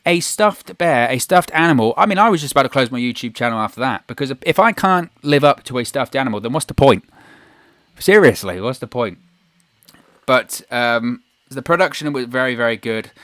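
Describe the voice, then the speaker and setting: A man giving an opinionated, animated solo review of a wrestling show on his video channel, acting out quotes in a raised voice. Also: medium pitch, smooth, no echo, studio quality. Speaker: wrestling news YouTuber.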